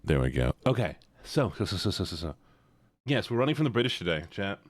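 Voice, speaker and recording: A man's voice: deep voice, very animated, fast talker, no room sound. A male streamer in casual livestream chat, playfully greeting viewers one by one and teasing them.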